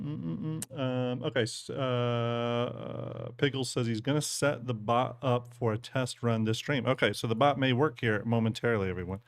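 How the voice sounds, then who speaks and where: A man with a Southern American accent rambles through a live stream, full of ums and folksy asides. His voice sits at a middle pitch. The sound is dry and close, with little room in it. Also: no room sound. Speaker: streamer and 3D ship designer. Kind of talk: casual live-stream talk.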